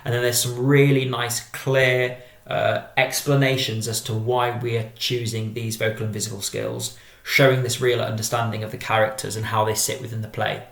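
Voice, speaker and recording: A man giving a methodical, measured drama exam-prep lesson as a teacher. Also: mid-range voice, little pitch movement, vocal fry, a bit bright, roomy sound.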